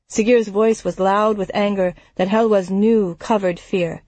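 A woman narrating a dark fantasy audiobook in a measured, even storytelling manner. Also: mid-range voice, no room sound. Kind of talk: scripted narration.

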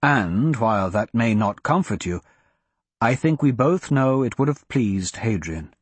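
A man reading an audiobook, voicing an ancient, cryptic male wizard who speaks in a measured, grave and blunt way. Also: medium pitch, animated, husky, dry recording. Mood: calm. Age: older.

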